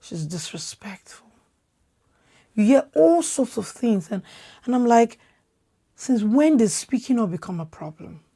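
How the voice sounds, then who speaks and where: Emphatic Nigerian woman, lively pitch. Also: moderate pace. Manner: emphatic, repeats words when worked up; loud, expressive way of talking. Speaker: podcast host. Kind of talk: impassioned opinion talk.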